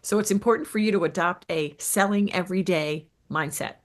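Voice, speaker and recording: A woman's voice: fairly low pitch, a little fast. A woman coaching business owners on sales, with an upbeat, emphatic delivery, often checking in with "right?". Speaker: business coach and show host. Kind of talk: coaching talk to camera.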